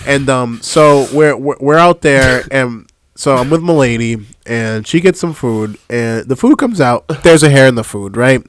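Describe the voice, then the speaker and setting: A young adult man co-hosting a casual comedy podcast, telling stories with loud laughing outbursts and a lot of swearing. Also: medium pitch, unhurried, hardly any pauses. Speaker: podcast co-host.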